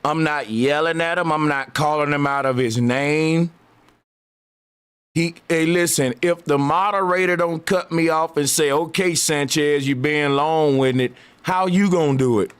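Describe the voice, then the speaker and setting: Guy arguing hard in a live debate, kinda high voice, smooth and clear. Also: normal speed, a bit bright. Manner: insistent, argumentative, repeats points. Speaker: debate show host.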